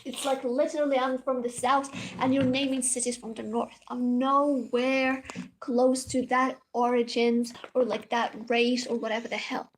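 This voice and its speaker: A woman's voice: a little high, level tone, moderate pace, a little hiss or hum. A young woman, a university student, telling a dramatic storytime vlog and swearing casually. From Morocco. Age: young adult.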